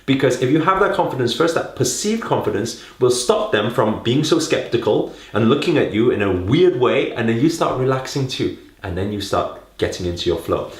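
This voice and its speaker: A man coaches public speaking straight to the camera, his pitch swooping up and down as he talks. He keeps coaxing his listeners with questions and tags like "right?". His voice rings in an echoey room. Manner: coaxing, fills talk with rhetorical questions and "right?". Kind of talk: direct-to-camera teaching.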